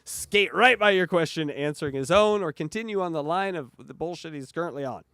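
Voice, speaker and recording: A man's voice: a little high, brisk, a bit bright, no room sound, studio quality. A man hosting a podcast in casual chat, joking and laughing often. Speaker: podcast host.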